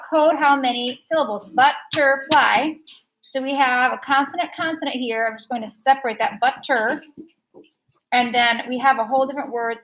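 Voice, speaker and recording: A woman's voice: sits high, low-quality recording. A woman teaching a recorded phonics lesson, patiently modeling sounds and asking the listener to repeat after her.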